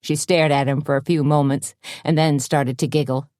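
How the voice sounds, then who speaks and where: Woman audiobook narrator, steady storyteller, mellow tone, dry close sound. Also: deep voice, normal speed, few pauses, no echo. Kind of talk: scripted narration.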